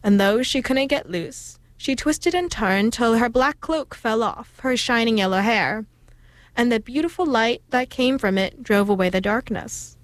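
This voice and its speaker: A woman's voice: a little high, a little slow, dry recording. Woman reading a folk tale aloud. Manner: steady, expressive storytelling. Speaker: storyteller.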